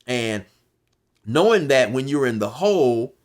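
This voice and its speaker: Telling a drawn-out prison tale in a casual, meandering way, this storyteller keeps restarting, fills gaps with fillers, and yells out other people's words when he quotes them. He speaks unhurriedly in a mid-range voice with big swings in pitch.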